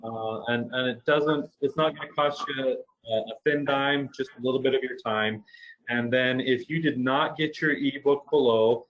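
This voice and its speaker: A man co-hosting a physical therapy webinar, friendly and a bit halting, often repeating words as he restarts. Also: mid-range voice, fairly even intonation, lo-fi sound. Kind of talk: casual webinar talk.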